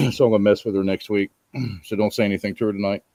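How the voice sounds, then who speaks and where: A man's voice: fairly low pitch, quick pace, gravelly, no echo. A man in his thirties hosting a casual chat, telling a long rambling story with lots of ums. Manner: laid-back rambling storyteller, frequent ums. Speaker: podcast host.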